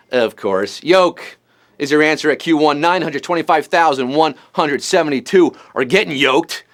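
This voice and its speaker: A quiz show host, a man with a slightly high, expressive, fairly bright voice, runs a live trivia show over soft background music. He's a fast-talking, punny quizmaster who fires off jokes and puns between questions.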